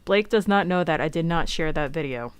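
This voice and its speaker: A woman's voice: sits low, animated, a little fast, smooth, no echo, faint music behind. A woman hosting a live stream show, chatting casually, swearing freely and laughing often. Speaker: livestream show host. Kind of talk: casual chat.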